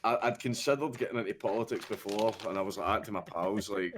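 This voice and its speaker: Scottish man, lowish voice, casual podcast chat, sweary, laughing storyteller. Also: fairly even intonation, fast talker, few pauses, a little hiss or hum. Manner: swears a lot, laughs through his stories. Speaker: podcast guest. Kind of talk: casual chat, telling stories.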